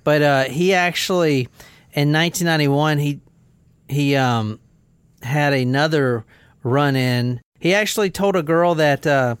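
A man hosting a podcast, telling a true-crime story in a blunt, profane, animated way. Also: on the high side, a little slow, clear, resonant tone, no room sound, studio quality. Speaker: podcast host.

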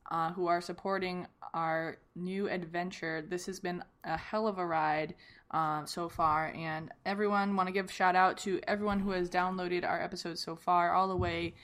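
A woman co-hosting a podcast, chatting in an animated, playful way. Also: lowish voice. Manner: animated and chatty, loves doing accents. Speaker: podcast co-host. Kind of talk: casual chat.

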